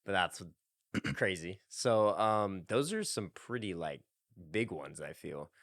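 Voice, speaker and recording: Lively rambling young podcast host. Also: male voice, low voice, takes it slowly, vocal fry, no echo, clean studio sound. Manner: rambling, laughs a lot. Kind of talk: casual chat.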